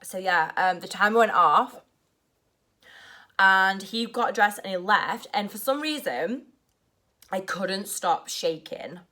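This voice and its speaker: A young woman telling a story in a casual vlog, rushed and nervous, saying "like" constantly. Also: mid-range voice, expressive, sharp tone. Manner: rushed and nervous, heavy use of "like". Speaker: vlogger.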